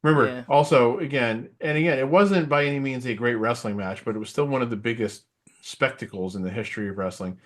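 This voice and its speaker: This podcast co-host is a middle-aged man with a medium-pitched voice who speaks quickly. He rambles casually about wrestling, leaning on fillers and throwing in animated asides.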